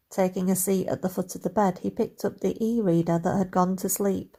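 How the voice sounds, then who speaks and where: A woman narrating a romantic comedy audiobook in a wry, even storytelling manner. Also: lowish voice, fairly quick, hardly any pauses.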